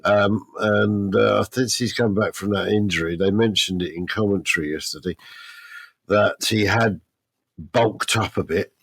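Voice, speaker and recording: A low-pitched man chats football on a podcast, sounding like a former player with firm opinions. He often stumbles and restarts mid-sentence as he warms up. The sound is dry and close, with no room around it. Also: measured pace, vocal fry, husky, no echo. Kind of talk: casual football chat.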